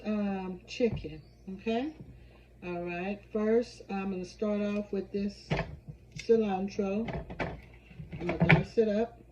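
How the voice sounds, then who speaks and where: A woman chatting casually to her viewers while she cooks in her home kitchen, humming and exclaiming as she works. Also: mid-range voice. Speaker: home cook vlogger. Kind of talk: casual cooking vlog chat. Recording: dull lo-fi sound with clear background noise.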